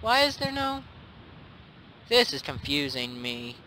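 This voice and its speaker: A young man hosting a gaming session, cheering, shouting and joking as he plays. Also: a little high, sing-song, takes it slowly, slight background noise, poor audio. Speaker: game channel host. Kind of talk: excited gaming commentary.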